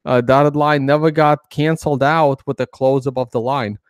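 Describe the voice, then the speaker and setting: With a steady tone and moderate pace, a mid-range-voiced crypto host chats through chart analysis, rambling with many fillers and restarts. His tone is clean, and the studio-quality audio has no room sound.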